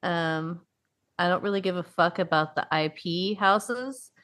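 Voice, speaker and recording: A woman's voice: on the low side, measured pace, a bit bright. A woman co-hosting a podcast, chatting casually with many fillers and frequent swearing. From upstate New York. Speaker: podcast co-host. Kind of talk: casual chat.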